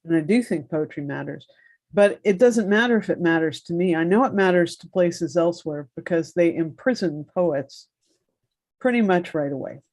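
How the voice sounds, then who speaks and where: A host of a poetry event, talking casually to the audience with a few fillers. The voice sits at mid pitch and the sound is dry and close. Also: normal speed, a little mellow, no echo. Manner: conversational, with fillers.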